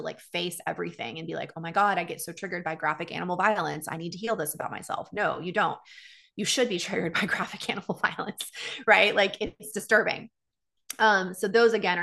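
A middle-aged woman coach giving a casual, chatty talk on emotional triggers, full of "like" and lively asides. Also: mid-range voice. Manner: chatty, lots of "like", animated asides. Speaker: coach teaching about triggers. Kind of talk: casual teaching talk to an audience.

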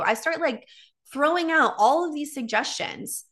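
Woman, 30s, clear bright tone, frank lively storyteller who voices past conversations. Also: sits high, unhurried. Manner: candid, animated retelling with quoted dialogue. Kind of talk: personal storytelling monologue.

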